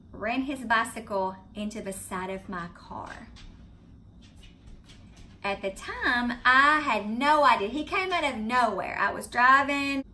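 A middle-aged woman with a Southern US accent telling a story to her viewers in a chatty, animated way. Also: on the high side, a little hiss or hum. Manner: chatty, animated retelling of a scary event. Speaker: vlogger. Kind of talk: casual storytelling to camera. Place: home, indoors.

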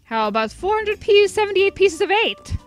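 A woman voicing a boastful male circus performer in a game, with an exaggerated put-on Italian accent and a loud, hammy sales-pitch manner. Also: very animated, normal speed, faint music behind. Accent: put-on comic Italian. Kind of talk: game dialogue read aloud.

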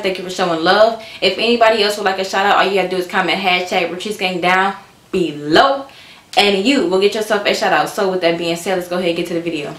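A woman talking casually and excitedly to her viewers as she reacts to a music video, often restarting her sentences. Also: medium pitch. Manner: excitable, talks straight to viewers, frequent restarts. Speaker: reaction vlogger. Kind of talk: casual chatty video commentary. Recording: echoey room.

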